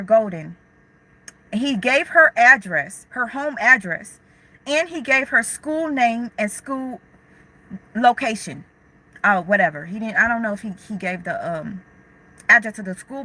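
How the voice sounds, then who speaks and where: Bright, slangy woman chatting on a livestream. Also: a little high, low-quality recording. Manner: candid, slangy, reads and answers chat comments. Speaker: livestream host. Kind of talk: casual livestream chat.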